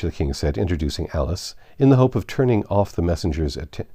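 A man narrating an audiobook reading of a classic tale in a lively, expressive storytelling manner. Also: deep voice, quick pace.

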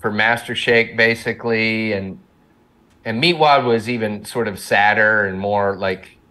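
A man's voice: fairly low pitch, steady tone, unhurried, pushed and bright. A middle-aged man, a cartoon co-creator, chatting casually as an interview guest, rambling and self-deprecating with frequent laughs.

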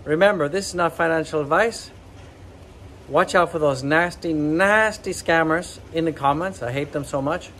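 Male channel host, slightly high voice, hyped pep-talk delivery, repetitive and rallying, with shouted chants. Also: moderate pace, a little hiss or hum, rough recording. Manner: bursts of loud high shouts.

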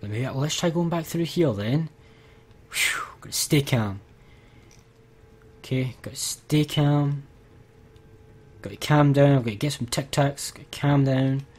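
A man's voice: a little high, darkish tone. A man commentating his gameplay, exasperated and ranting to his viewers. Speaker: let's play gamer.

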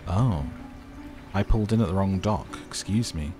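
Low-voiced man playing a game. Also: normal speed. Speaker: gameplay video host. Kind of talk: casual let's-play commentary. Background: game music.

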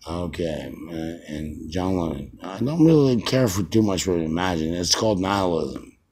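A man in his fifties rambling as a self-styled radio host, halting with many fillers and restarts. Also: sits low, very animated, darkish tone. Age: 50s. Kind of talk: rambling mock radio broadcast.

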